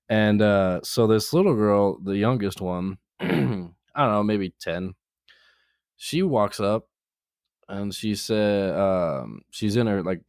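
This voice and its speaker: Man, lowish voice, casual podcast storytelling, animated, imitates people, says "like" a lot, dry close sound. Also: no room sound. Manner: animated anecdote-telling, acts out other people's lines; peppers speech with "like". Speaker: podcast co-host.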